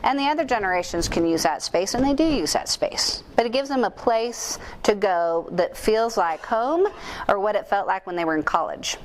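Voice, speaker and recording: An animated woman addresses a conference crowd through a microphone. She tells workplace stories, asks the audience questions and pokes fun at herself. Faint room noise sits under her mid-pitched voice. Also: normal speed. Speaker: conference speaker. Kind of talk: lively keynote talk to an audience. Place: conference room at a chamber of commerce. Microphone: handheld or stage microphone.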